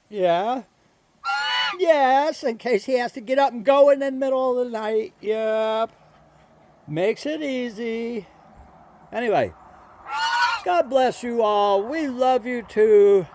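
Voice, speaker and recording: A man chatting casually to his viewers and coaxing his pet goose along in a gentle way. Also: high voice, background noise. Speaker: vlogger and pet goose owner. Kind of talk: casual chat to camera and pets.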